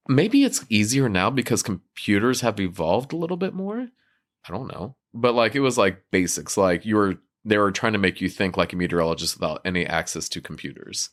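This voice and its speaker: A young man from Ohio, a guest chatting casually on a podcast, animated and full of fillers. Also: fairly low pitch, fairly quick. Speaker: guest, TV executive producer.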